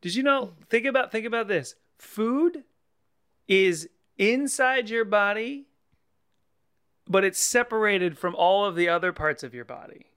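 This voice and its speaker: A man's voice: high voice, animated, measured pace, a bit bright, clear, resonant tone. A man chatting playfully as a podcast guest, laughing easily. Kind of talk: casual chat.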